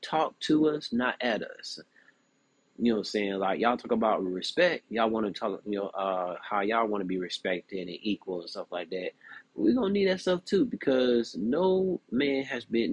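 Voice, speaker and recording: Man, young adult, husky, dry close mic, casual commentary. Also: on the low side, no room sound, muffled recording. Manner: animated, frequent "you know what I'm saying". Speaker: podcast host.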